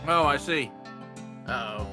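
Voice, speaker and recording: A man's voice: medium pitch, unhurried, over music, voice pushed down, natural voice. A man voicing an earnest, slightly anxious young male defense attorney, reading a game script live.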